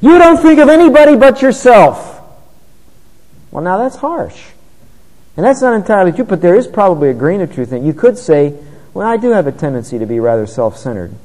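A man's voice: fairly high pitch, very animated, fast, mellow, long reverb tail, low-quality recording. A man preaching a sermon in an earnest, conversational way, often rising in emphasis.

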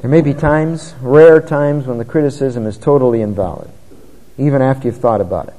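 A man's voice: mid-range voice, fairly quick, dark tone, long reverb tail, poor audio. A man preaching a sermon in an earnest, conversational way, often rising in emphasis.

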